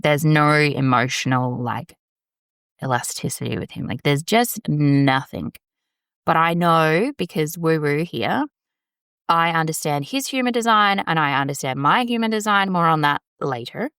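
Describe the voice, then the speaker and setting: A woman's voice: deep voice, a bit bright, clear, resonant tone, dry recording, clean studio sound. A woman, talking candidly and rambling on her solo podcast from a small storage room. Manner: candid, rambling, swears casually. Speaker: podcast host. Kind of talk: casual solo podcast monologue.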